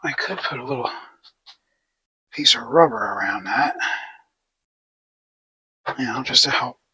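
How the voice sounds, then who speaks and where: Man hosting a garage DIY video, unhurried, husky and bright, rambling and self-mocking. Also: mid-range voice. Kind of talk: casual how-to narration while working. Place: home garage workshop.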